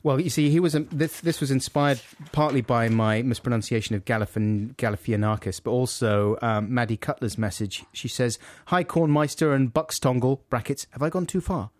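A man's voice: mid-range voice, brisk, hardly any pauses, darkish tone, no room sound. A man, co-hosting a radio show in playful, casual banter. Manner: playful, laughs easily. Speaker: radio host. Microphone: studio mic.

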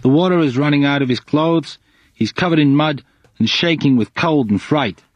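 A young soldier speaking in an American accent, as a man reads him aloud in an audiobook. The voice is husky and set a little higher than the reader's own. The recording is close and dry. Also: normal speed, dry recording, muffled recording, lightly acted. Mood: vivid.

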